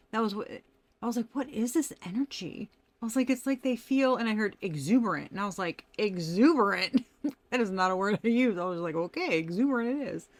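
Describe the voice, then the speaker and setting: A woman giving a casual tarot reading, talking animatedly, laughing often and swearing freely. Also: mid-range voice. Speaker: tarot reader.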